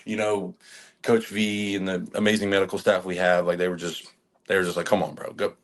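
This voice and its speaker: A man in his twenties, a college football lineman, telling lively stories with laughs and swearing as a podcast guest. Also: low voice, brisk. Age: 20s. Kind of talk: casual podcast chat.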